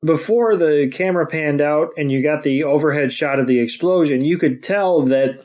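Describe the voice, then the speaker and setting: A man's voice: fairly high pitch, normal speed, dull audio. A man co-hosting a podcast, recapping a cartoon episode in casual chat, full of fillers and playful put-on quote voices. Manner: rambling, many fillers, acts out quotes in silly voices. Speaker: podcast co-host.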